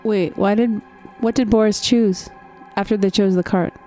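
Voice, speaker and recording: A woman's voice: medium pitch, steady tone, moderate pace, warm tone, faint music behind. Playful woman chiming in. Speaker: podcast guest. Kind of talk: casual chat.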